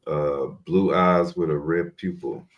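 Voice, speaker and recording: A man's voice: low-pitched, measured pace. A man talking casually about his pet snake on a podcast video call, easygoing and polite. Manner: easygoing, polite, says yes ma'am. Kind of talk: casual chat.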